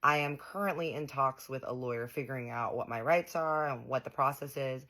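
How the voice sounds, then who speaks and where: Low-voiced woman telling a sassy story. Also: fairly quick, fairly bright tone. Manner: dramatic, profane, sassy storytelling. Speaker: storytime vlogger. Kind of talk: casual storytelling to viewers.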